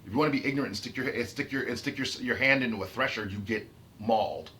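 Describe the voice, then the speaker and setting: A fast, forceful man's voice, bright and medium in pitch, with a slight hiss or hum behind it. He's an autistic vlogger ranting about his autism in an unscripted talk to camera, heated and emphatic, repeating and restarting phrases.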